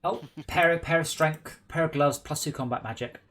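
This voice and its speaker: A man's voice: on the high side, moderate pace, fairly bright tone. Guy trash-talking while gaming, blunt, trips over words, some faint hiss. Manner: blunt, mocking, stumbles and repeats words. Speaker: gaming stream regular. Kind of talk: casual banter while playing.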